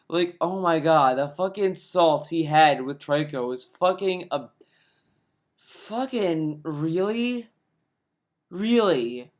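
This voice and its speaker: Sarcastic male ranter, fairly high voice, swearing nonstop, exasperated reaction commentary. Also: expressive, slow.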